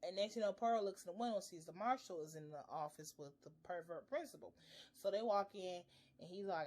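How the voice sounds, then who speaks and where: A woman's voice: on the low side, fairly quick. Blunt, profane woman recapping a show. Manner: profane, blunt and animated, with frequent swearing. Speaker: TV episode reviewer. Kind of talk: casual recap and reaction.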